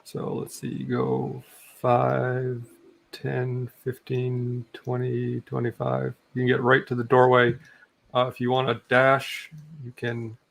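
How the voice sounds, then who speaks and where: Male game master, gravelly, laid-back, halting delivery. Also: medium pitch, monotone. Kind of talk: narrating a tabletop game.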